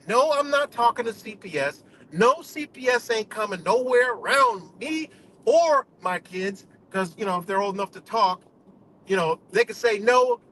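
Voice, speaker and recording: A man's voice: high-pitched, a bit bright, a little hiss or hum, low-quality recording. A man hosting a live stream, ranting bluntly with heavy cursing and lots of "you know" fillers, from New York State. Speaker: livestream host. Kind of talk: profane casual rant.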